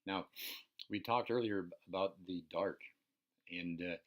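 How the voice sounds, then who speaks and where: A man's voice: low-pitched, unhurried, highs cut off. A man coaching listeners in a casual, unscripted teaching talk, profane and checking in with "right?" often. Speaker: personal development coach.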